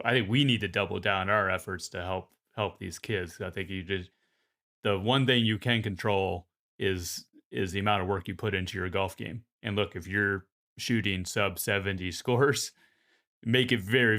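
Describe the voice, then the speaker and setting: A man's voice: fairly low pitch, pushed and bright. A man hosting a golf podcast, talking in a hesitant way with many fillers and restarts. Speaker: podcast host. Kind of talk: podcast conversation.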